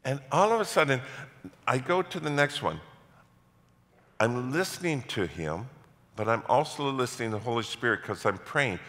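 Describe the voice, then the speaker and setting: Middle-aged male pastor, animated storyteller, lively pitch, big reverberant church hall. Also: moderate pace. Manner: animated storytelling with self-mocking humor. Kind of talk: sermon.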